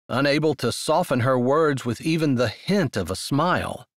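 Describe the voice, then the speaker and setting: A male audiobook narrator takes his time, letting his pitch rise and fall widely as he tells the story. He sounds close to the mic, in a dry room with no echo. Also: animated, a little slow. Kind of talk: scripted narration.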